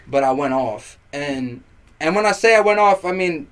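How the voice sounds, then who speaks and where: Animated young man telling stories. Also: fairly high pitch, normal speed. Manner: animated storytelling, swearing, acting out quotes. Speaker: guest. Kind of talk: casual chat.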